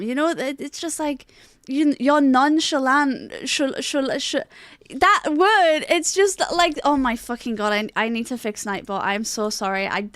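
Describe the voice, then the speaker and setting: A young woman streaming live, chatting casually and greeting her viewers in a bubbly, rambling way, with casual swearing. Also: no echo. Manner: bubbly, chatty, greets chat with high excitement.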